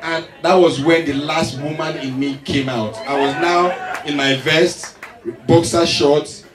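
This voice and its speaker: A man with a Nigerian accent telling a stand-up story, animated and getting loud on the punchlines. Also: fairly high pitch, unhurried, noisy background. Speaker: stand-up comedian. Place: large live venue stage. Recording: echoey hall, distant mic, loud crowd.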